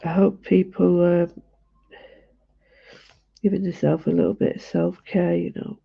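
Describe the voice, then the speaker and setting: A woman's voice: lowish voice, little pitch movement, measured pace, creaky, slightly rough. A woman chatting in a homely, rambling way as she draws live, talking viewers through her work. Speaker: artist streaming a live drawing session. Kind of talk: chatty commentary while drawing. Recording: dull lo-fi livestream audio.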